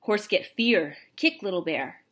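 A woman's voice: mid-range voice, big pitch swings, a little slow, fairly bright tone, slightly rough, exaggerated voice. A woman voicing a small, proud male warrior who speaks in clipped, broken phrases. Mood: urgent.

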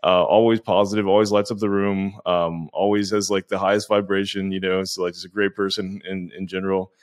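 A man hosting a podcast, introducing his guest in a relaxed way with many fillers. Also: sits low, brisk, dry recording, studio quality. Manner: relaxed, filler-heavy, effusive praise. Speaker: podcast host.

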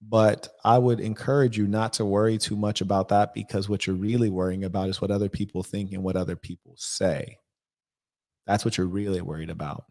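A man with a very low voice hosts an advice stream. He answers viewer questions bluntly and at a measured pace. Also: level tone, a little mellow. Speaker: life coach host.

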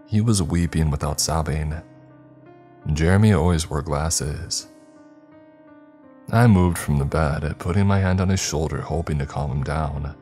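A man narrating a horror story in a measured, grave storytelling manner. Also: a bass voice, a little mellow, faint music behind.

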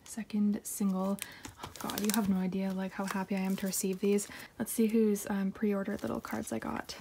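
A woman's voice: medium pitch, a little fast, vocal fry, slight background noise. A young woman in casual chat, unboxing her K-pop haul on her floor at home and gushing, sometimes dropping to a whisper. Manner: gushing, excitable, drops to whispers. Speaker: K-pop collector vlogger.

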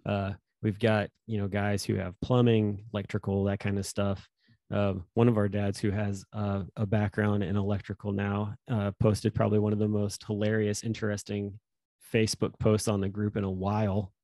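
A man's voice: fairly low pitch, completely flat delivery, moderate pace, dark tone, no room sound. A man co-hosting a podcast, telling a funny story in casual chat and laughing often. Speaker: podcast co-host.

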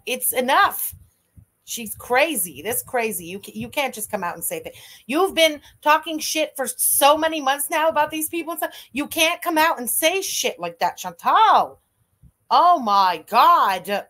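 A young woman streams live reaction commentary, her voice sitting a little high. She talks bluntly and mockingly, swearing freely as she thanks viewers and tears into the clips. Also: expressive, a little slow, fairly bright tone. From Canada.

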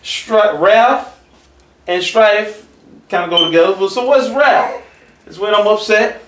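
Man, church elder; animated conversational preacher, high pitch, recorded from a distance. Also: measured pace, slight background noise. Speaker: church elder teaching a lesson. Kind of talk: preaching a Bible lesson. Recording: roomy echo, from far off the mic.

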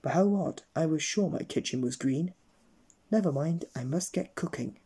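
A man's voice: on the high side, expressive, normal speed, mellow, slightly rough. A man voicing a cheerful, muddled, scatterbrained woman in a children's storybook reading, breezy and distracted.

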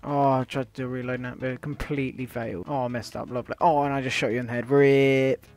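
A man's voice: mid-range voice, fairly even intonation, racing. A young British man hosting gaming commentary. He is brash, swears a lot and trash-talks his online opponent. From Britain. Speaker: gaming YouTuber host.

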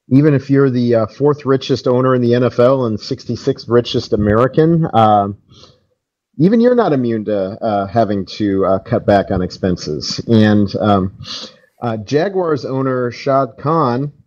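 A man co-hosting a sports fan podcast, talking in a relaxed, wry way with lots of ums and uhs. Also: mid-range voice, dull audio. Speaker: podcast co-host. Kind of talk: casual chat.

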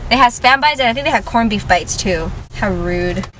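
A woman's voice: medium pitch, animated, normal speed. A woman joining a vlog as a guest, chatting casually in a blunt, teasing way. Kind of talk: casual chat. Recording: noisy on-the-go recording.

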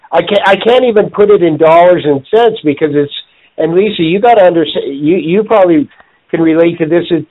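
A man, a client, speaking earnestly and haltingly in casual podcast chat. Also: fairly high pitch, husky. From Canada. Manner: earnest, halting, many restarts. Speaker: guest and client. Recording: tinny phone-line audio.

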